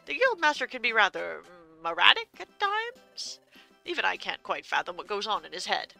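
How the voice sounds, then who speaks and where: A woman's voice: medium pitch, wildly swooping pitch, moderate pace, creaky, pushed and bright, faint music behind, heavily acted. A woman voicing a fussy, pompous male bird steward from a game, bossy and formal, reading the game's dialogue aloud. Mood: haughty.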